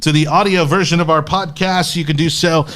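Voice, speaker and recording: A man's voice: fairly high pitch, fairly even intonation, brisk, fairly bright tone. A man hosting a casual political podcast, giving opinionated and impassioned commentary. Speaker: podcast host.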